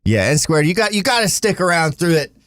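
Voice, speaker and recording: A man's voice: a little high, fairly quick, no room sound, studio quality. A man hosting a live show, chatting casually, reading viewer comments aloud and laughing often. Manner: animated, laughing often, reads chat aloud. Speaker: show host.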